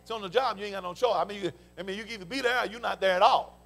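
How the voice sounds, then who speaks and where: An older Southern US man preaching in church, his voice sitting high and carrying a gravelly edge. He mixes folksy stories with fervent calls of praise and response. The delivery is a warm sermon, full of conviction. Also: racing. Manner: folksy storytelling. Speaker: pastor. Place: church sanctuary.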